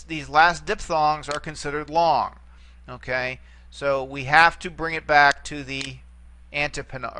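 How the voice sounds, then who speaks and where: A man's voice: fairly high pitch, sharp tone. A man giving a recorded language lesson, explaining rules step by step and often checking in with "okay?". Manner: repeats words and checks in with "okay?". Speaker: Greek teacher. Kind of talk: recorded lecture.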